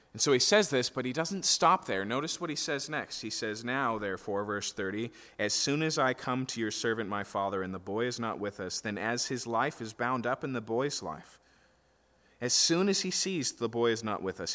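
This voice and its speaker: A man's voice: low voice, sharp tone. A man preaching an expository sermon in a conversational way, often checking in with his listeners. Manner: conversational, checks in with "okay?" and "right?". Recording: long hall reverb.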